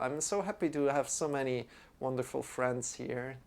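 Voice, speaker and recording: A man teaching a live-streamed yoga class. He greets viewers by name and answers their chat comments in an unhurried way. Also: medium pitch, creaky. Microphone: streaming microphone.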